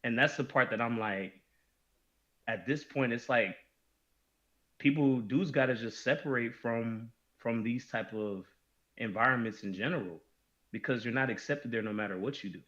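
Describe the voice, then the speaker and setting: A man speaks at a middle pitch in a casual podcast discussion. He is emphatic and often restarts his sentences. The recording is dull and lo-fi. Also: normal speed, fairly bright tone.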